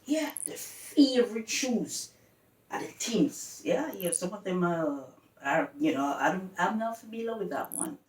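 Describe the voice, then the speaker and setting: A woman's voice: medium pitch, expressive, a little slow, darkish tone, distant mic. A woman with a Jamaican accent explaining words in a casual, sing-song way, switching between patois and plainer English. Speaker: culture vlogger. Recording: echoey room, voice from off mic.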